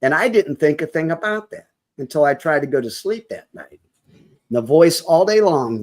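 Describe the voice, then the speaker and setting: As a podcast guest, a man with a somewhat high-pitched voice tells a personal story with feeling, animated and fairly quick. A vivid storyteller, he acts out the quoted dialogue in the voices of the people involved, and at moments comes close to tears.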